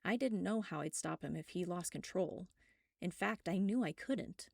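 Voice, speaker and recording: Woman narrator, steady and wry, low gravelly voice, dry sound. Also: normal speed, dry recording. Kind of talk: first-person narration of a web serial.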